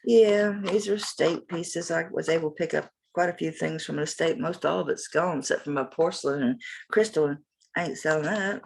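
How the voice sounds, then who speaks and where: A woman's voice: low voice, brisk, vocal fry. A woman with a Southern accent, chatting in a folksy, rambling way as she sells jewelry in a casual home vlog. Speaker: jewelry seller. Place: home, morning light.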